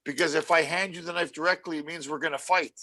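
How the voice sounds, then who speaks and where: A man hosting a casual chat, animated and joking, slipping into voices to tell stories. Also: fairly high pitch, very fast, over a noisy crowd. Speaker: podcast host.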